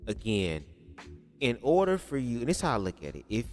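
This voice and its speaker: A man's voice: medium pitch, huge pitch swings, a little fast, big-room sound, soft background music. A man casually commenting on a livestream, talking loosely with plenty of swearing and calling out viewers in the chat. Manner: loose, profane, talks to the chat. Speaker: streamer reacting to a video.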